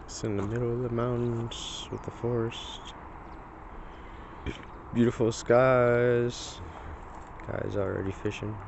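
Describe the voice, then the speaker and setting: This vlogger's medium-pitched voice is gravelly and flat, slow, with frequent pauses over a noisy background. Filming on his phone beside a pond, he wanders through a casual story packed with fillers and does put-on voices for the dialogue.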